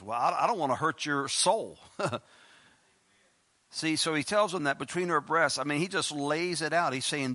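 A man preaching a sermon as pastor, emphatic and pleading, repeating lines and breaking into loud bursts, with plain-spoken asides. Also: a little high, moderate pace.

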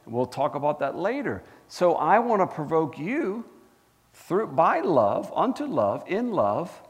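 A man preaching a sermon as pastor, animated and asking the congregation questions. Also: a little high, a little slow, in a large hall. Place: church.

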